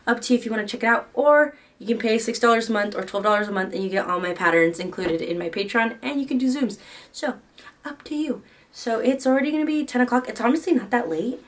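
A woman in her twenties chatting casually in a crochet vlog from her home office, gushing and excitable. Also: a little high, fast, far from the mic. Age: 20s. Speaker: crochet vlogger.

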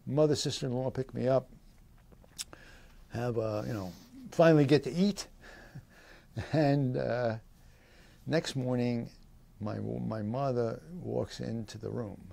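Gravelly-voiced old man telling stories. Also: medium pitch, takes it slowly, pauses often, dark tone. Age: 80s. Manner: rambling storytelling with many fillers and laughs; voices quoted people in livelier tones. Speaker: veteran interviewee. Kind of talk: oral history interview.

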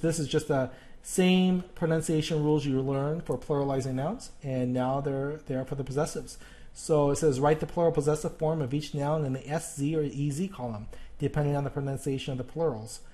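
A male teacher talks through a recorded grammar lesson in a warm, mellow voice. He speaks haltingly, restarting sentences and filling pauses with "um" and "uh" as he explains. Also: on the high side, steady tone. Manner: halting, with many fillers and restarts.

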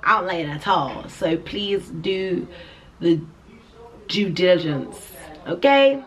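A woman's voice: fairly low pitch, very animated, slow pace, background noise. A young woman with a British accent, chatting upbeat to her viewers in a casual vlog. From England. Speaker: vlogger.

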